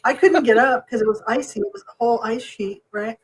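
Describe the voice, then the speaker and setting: A middle-aged woman co-hosting a podcast, chatting casually and telling animated stories with frequent laughter. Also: a little high, a little fast, breathy edge, low-quality recording. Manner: animated storyteller, laughs often while talking. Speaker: podcast co-host. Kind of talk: casual chat.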